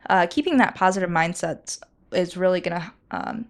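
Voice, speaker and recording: A woman's voice: lowish voice, moderate pace. Giggly woman co-hosting a podcast. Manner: earnest, giggly, hesitant with fillers. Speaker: podcast co-host. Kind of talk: casual chat.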